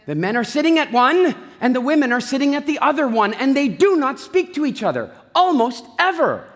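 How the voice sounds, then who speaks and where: Man, stage talk, animated storyteller, wide-ranging pitch, long hall reverb. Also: fairly quick. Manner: animated, jokey storytelling with voiced asides. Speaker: speaker. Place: large event hall.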